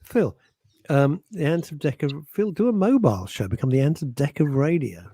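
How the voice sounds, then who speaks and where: A man co-hosting a radio show, chatting casually in a jokey, animated way with frequent laughs. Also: fairly high pitch, moderate pace, slightly rough, dry recording. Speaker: radio co-host. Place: radio studio.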